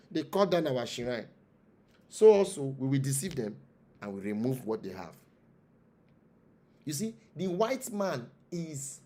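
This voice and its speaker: His voice sits high and carries a dark tone, with a Nigerian accent. A traditional spiritual leader being interviewed, he preaches in an impassioned monologue built on rhetorical questions and repeated phrases.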